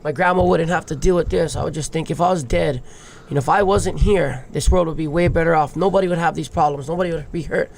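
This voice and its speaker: A man's voice: fairly high pitch, quick pace, gravelly, hardly any pauses. A man in his thirties from Hawaii, a surfer guest telling his life story openly and emotionally, swearing casually. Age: 30s. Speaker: guest, big wave surfer. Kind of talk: candid podcast storytelling.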